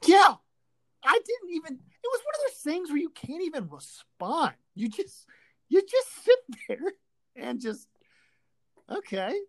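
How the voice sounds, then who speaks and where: A woman's voice: sits high, big pitch swings, a little slow. A woman hosting a sports talk show, ranting sarcastically and with profanity about a rival team. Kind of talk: ranting sports podcast chat.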